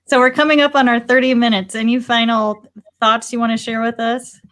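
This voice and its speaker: A woman's voice: fairly high pitch, flat delivery, a little fast, fairly bright tone. A woman co-hosting a live video interview, speaking in an upbeat, cheerful way as she moves the show along. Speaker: co-host.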